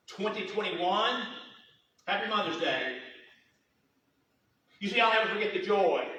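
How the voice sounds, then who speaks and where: A middle-aged man preaching a sermon, telling folksy stories with lots of repetition and quick humor. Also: sits high, bright, forceful tone. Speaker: pastor. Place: church sanctuary. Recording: roomy church hall, voice from a distance.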